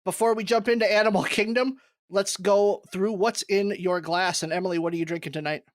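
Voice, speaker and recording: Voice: medium pitch, steady tone, fairly quick, dry recording, clean studio sound. A podcast host opening the show and introducing guests in a casual, friendly manner.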